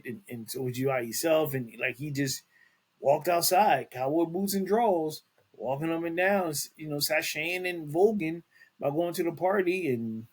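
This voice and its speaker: A man's voice: a little high, slightly rough. Rambling man hosting celebrity news. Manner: rambling, many restarts and fillers, talks to listeners directly. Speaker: podcast host. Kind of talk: casual commentary on celebrity news.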